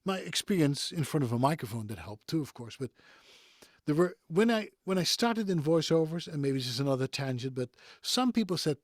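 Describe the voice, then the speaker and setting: His voice runs high and sing-song at a brisk clip, recorded cleanly in a studio with no room sound. He's a middle-aged Dutchman, Dutch by first language, with a neutral European English accent, guesting as a voice actor on a video call. The interview is conversational and digressive, dotted with chuckles.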